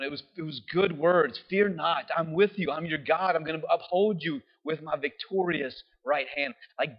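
Male preacher, slightly higher voice, chatty sermon delivery, dull lo-fi recording. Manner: conversational, keeps asking "right?". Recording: dull lo-fi sound.

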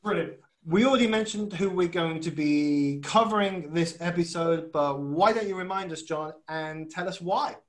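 A man's voice: on the high side, normal speed, few pauses, poor audio. A man co-hosting a podcast in casual chat, chatty and self-deprecating, asking long rambling questions. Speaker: podcast co-host.

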